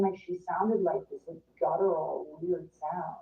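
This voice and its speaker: A woman's voice: on the low side, steady tone, unhurried, vocal fry. Chatty woman telling a story over a thin line. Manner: chatty, full of "like", acts out quotes. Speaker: interview guest. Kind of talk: casual storytelling interview. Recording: distant, roomy, phone-like sound.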